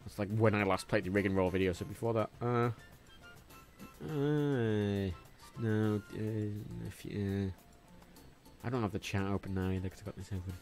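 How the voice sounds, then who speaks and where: A man's voice: on the low side, moderate pace, darkish tone. A young English man with a faint Liverpool twinge, rambling and swearing freely as he chats on a gaming livestream. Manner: rambling, swears freely, jumps between topics. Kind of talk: casual gaming livestream chat. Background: faint game music.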